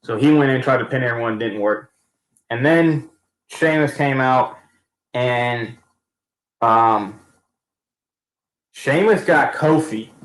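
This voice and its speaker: A man's voice: mid-range voice, takes it slowly, pauses often. Rambling man in an echoey room. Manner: rambling, slangy, many restarts. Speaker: wrestling fan vlogger. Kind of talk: casual event recap.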